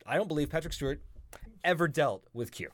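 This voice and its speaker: A man co-hosting a podcast, arguing playfully with deadpan contrarian jokes. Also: a little high, brisk, no echo. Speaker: podcast co-host. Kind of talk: casual bickering chat.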